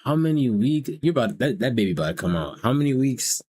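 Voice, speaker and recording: Talking fast in a sing-song, medium-pitched voice that is a little mellow and slightly rough, a young Southern man hosts a live stream. He teases strangers in casual, profane chat.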